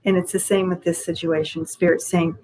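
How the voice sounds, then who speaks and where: A woman's voice: lowish voice, level tone, fairly quick, dark tone, rough recording. A woman giving channeled spiritual messages in a casual, rambling way, with restarts and the odd swear word. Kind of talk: casual spiritual reading on a group call.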